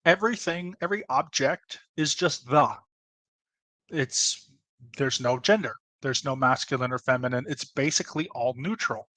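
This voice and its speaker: A man's voice: medium pitch, sharp tone, no room sound. A man explaining in a casual, chatty way, with asides and restarts. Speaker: presenter. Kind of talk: casual educational talk.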